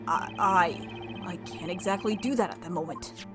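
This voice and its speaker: A woman's voice: fairly low pitch, normal speed, voice pushed down, close to an everyday voice. A woman voicing an earnest, sometimes stammering young male defense lawyer while streaming a game. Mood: flustered. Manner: earnest, stammering when cornered. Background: game music.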